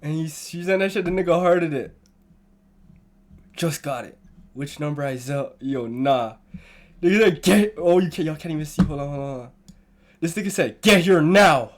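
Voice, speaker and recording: A male streamer reacts to a video in loose, casual chat. He is excitable and swears freely, and his voice sits a little above the usual male pitch. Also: normal speed, pauses often.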